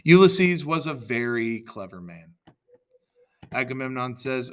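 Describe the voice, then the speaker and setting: A man's voice: mid-range voice, very animated, a little slow, clear, resonant tone. A man reading a story aloud in a casual way, with stumbles, self-corrections and joking asides. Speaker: reader.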